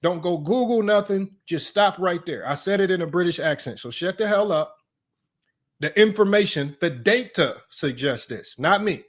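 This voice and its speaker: Young male sports streamer with a high voice, blunt and sarcastic, reads stats aloud and talks straight to chat. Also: lively intonation, normal speed. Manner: blunt, sarcastic, addresses viewers directly as y'all. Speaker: sports commentary host.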